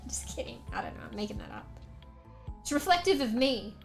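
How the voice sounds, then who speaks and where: A young woman from Australia with a fairly high voice chats loosely on stream, hopping from point to point. Her Australian accent is plain, she swears freely and laughs between thoughts, with a little music playing faintly behind her. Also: big pitch swings, normal speed, vocal fry, pauses often. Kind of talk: casual chat.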